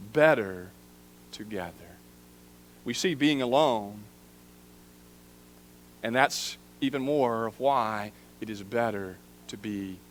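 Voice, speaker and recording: Earnest man preaching a sermon. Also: a little hiss or hum. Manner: earnest, drops to soft low emphasis on key phrases. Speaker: preaching minister. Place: church sanctuary.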